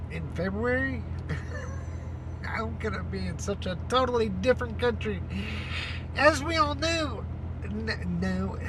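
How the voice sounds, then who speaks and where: A woman talking to a handheld camera from her car, in a slow, unhurried, rambling way. She chats loosely and laughs a lot. Steady engine noise hums clearly under her voice. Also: fairly high pitch. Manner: rambling, chatty, laughs often. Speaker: vlogger. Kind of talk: casual chat to camera. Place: inside a car.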